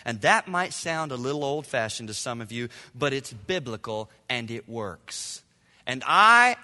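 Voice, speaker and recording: A middle-aged man preaching to a congregation, his voice high and bright. He hammers words through repetition and swings from hushed asides to loud outbursts. The sound carries a long reverb from the large hall. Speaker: pastor. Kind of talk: sermon.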